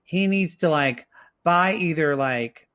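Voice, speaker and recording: A man's voice: a little high, slow, fairly bright tone, clear, resonant tone. A man co-hosting a podcast, giving blunt and sassy opinions in a casual reality TV recap chat. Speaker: podcast co-host.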